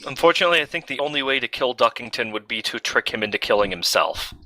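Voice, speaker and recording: A man co-hosting a comedy chat, feeding setups in a deadpan, mock-formal way. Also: mid-range voice, fast talker, dry recording. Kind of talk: casual comedy banter.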